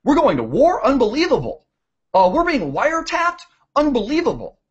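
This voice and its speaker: A man plays a wide-eyed viewer, breathless and amazed, in a high, excited voice. The recording is dull and lo-fi. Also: normal speed, husky, exaggerated voice. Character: wide-eyed man newly waking up to news. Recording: dull lo-fi audio.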